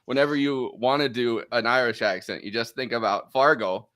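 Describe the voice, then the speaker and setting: An American man hosts a podcast, his mid-range voice a bit bright and his pace moderate. The chat is loose and jokey, and he laughs often.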